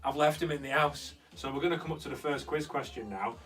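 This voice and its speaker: A man's voice: fairly high pitch, fast talker, a bit bright. A young man hosts a casual live stream from a converted studio room, chatting and answering viewer comments as they come in. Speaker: host. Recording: slightly distant mic with faint guitar music.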